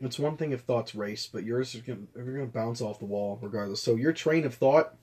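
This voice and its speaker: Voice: medium pitch, fairly quick, a little mellow, husky. A tired podcast co-host talking casually, with dry, sarcastic teasing. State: tired, sleepless. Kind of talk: casual chat.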